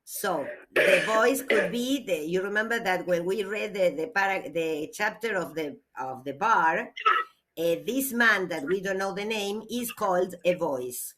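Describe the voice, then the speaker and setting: A woman, a literature teacher giving a classroom lecture, reading aloud slowly and explaining with hesitations. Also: mid-range voice, lively intonation, fairly bright tone.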